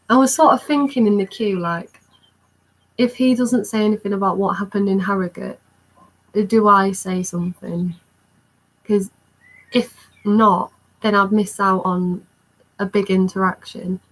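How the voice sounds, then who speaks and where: Young woman, chatty vlogger, recounts a story with breathless excitement. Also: medium pitch, low-quality recording. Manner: excited, rambling recounting with many fillers. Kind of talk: storytime vlog.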